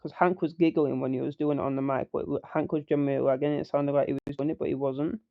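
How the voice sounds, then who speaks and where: A man's voice: a little high, little pitch movement, fast, vocal fry, no echo. A young man telling a heated, sweary story in casual chat. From northern England. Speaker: online roleplay gamer. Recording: muffled faulty mic.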